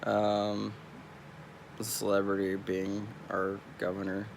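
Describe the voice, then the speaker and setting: A man's voice: fairly low pitch, completely flat delivery, slow, gravelly, noisy background. A young man from California with a Californian accent, rambling in a laid-back, casual vlog monologue. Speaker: streamer.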